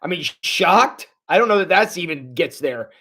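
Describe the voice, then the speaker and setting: A man leading a casual livestream Bible study as a pastor, chatty and animated, reacting to viewers' comments as he tells the story. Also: sits high, moderate pace.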